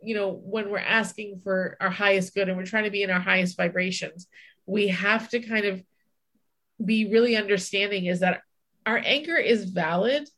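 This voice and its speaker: A woman's voice: medium pitch, moderate pace, fairly bright tone. A woman co-hosting a podcast, telling a personal story in casual chat, candid, swearing and acting out her own inner voice. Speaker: podcast co-host.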